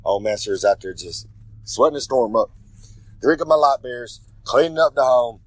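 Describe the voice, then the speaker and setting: A man's voice: mid-range voice, animated, moderate pace, dry recording, poor audio. Male wrestler, cocky promo delivery, refers to himself in third person, dry close sound. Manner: brash, swaggering, talks about himself in third person; rambling, with self-corrections. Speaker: pro wrestler giving a regular segment.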